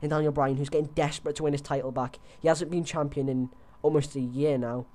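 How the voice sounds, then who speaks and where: A man's voice: on the high side, fairly even intonation, quick pace, mellow. A young man on a headset, chatting loosely through his predictions with lots of fillers and restarts. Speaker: host. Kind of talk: casual wrestling predictions chat.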